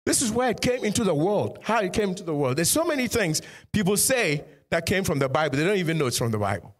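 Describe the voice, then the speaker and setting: A man's voice: sits high, very animated, fast talker. A man preaching a sermon as pastor, punctuating points with "Amen" and putting direct questions to his congregation.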